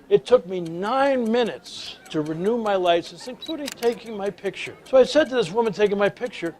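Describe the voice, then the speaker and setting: Man, middle-aged, slightly high voice, lively storytelling lecturer. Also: fairly quick. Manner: animated anecdotes, swings from loud to hushed. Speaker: speaker on leadership.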